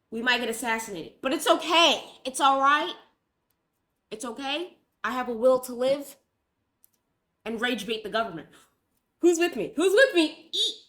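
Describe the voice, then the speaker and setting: A woman's voice: sits high, expressive, measured pace, long pauses, sharp tone. A young woman talking casually in a rambling, dramatic, self-mocking vlog. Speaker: vlogger.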